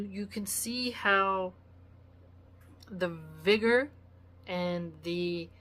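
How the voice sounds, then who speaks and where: A woman's voice: medium pitch, a bit bright. A woman giving blunt, preachy solo commentary, lecturing with acted asides. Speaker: vlogger.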